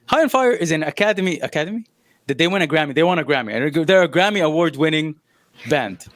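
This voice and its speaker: A man's voice: on the high side, lively intonation, fast talker, fairly bright tone, no room sound, clean studio sound. A man co-hosting a casual music podcast, rambling with many fillers and restarts. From Saudi Arabia. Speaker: podcast co-host.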